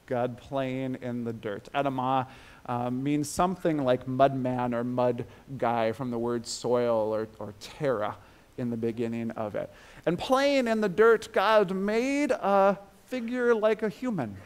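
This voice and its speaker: A man preaching with a slightly high voice and an unhurried, deliberate pace. His delivery swells and drops for emphasis, and he later leads the listeners in a calm breathing exercise. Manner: emphatic, rising and falling in pitch and loudness. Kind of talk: sermon.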